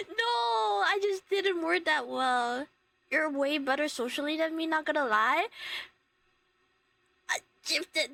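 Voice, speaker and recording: A high-voiced young woman from Hong Kong chats casually on her gaming stream, speaking into a headset. She rambles and giggles through her stories with plenty of "like" and "um", and her voice sounds bright and dry, with no room echo. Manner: rambling, giggly storytelling with frequent fillers. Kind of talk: casual chat while gaming.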